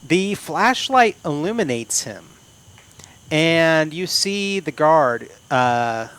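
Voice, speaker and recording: A man, narrating as game master in an unhurried, descriptive way. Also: fairly high pitch, sing-song, a bit bright, clean tone.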